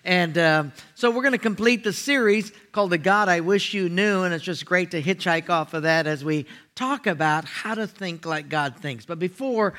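A male guest pastor preaching with a high, bright voice. He is folksy and jokes with his listeners, moving between playful asides and teaching. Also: normal speed, hardly any pauses. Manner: folksy, joking, animated. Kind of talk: sermon.

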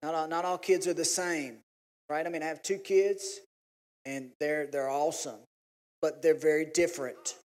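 A man, preaching a sermon in a folksy, animated way. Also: normal speed. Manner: folksy, animated storytelling, pitch jumps when acting out his family. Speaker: pastor. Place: church sanctuary. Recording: long hall reverb.

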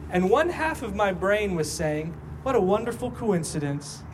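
Male pastor, higher-pitched voice, lively storytelling sermon, faint room ambience. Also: background noise. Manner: storytelling, acting out quoted dialogue, asks the congregation questions.

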